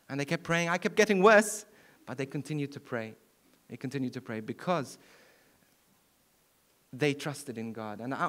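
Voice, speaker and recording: A man's voice: mid-range voice, fairly bright tone. A middle-aged man from Malta, a priest giving a keynote talk to an audience and taking questions, speaking earnestly with frequent restarts. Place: event hall.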